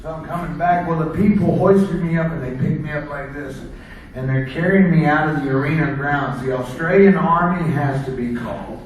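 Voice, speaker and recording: A man's voice: a little high, normal speed, slight background noise. A man from the United States telling rambling wrestling road stories to a seminar audience, laughing at his own jokes. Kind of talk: casual storytelling to an audience. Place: seminar room. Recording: echoey room, mic far off.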